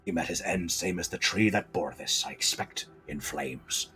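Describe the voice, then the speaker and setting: A man voicing an old male hare with a pirate voice, talking gruffly in a pensive half-whisper. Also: low-pitched, moderate pace, pushed and bright, voice pushed down.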